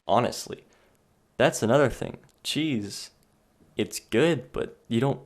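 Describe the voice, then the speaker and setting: A man's voice: medium pitch, takes it slowly. A young man hosting a solo podcast, rambling and sarcastic, exasperated, a bit out of breath. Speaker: podcast host.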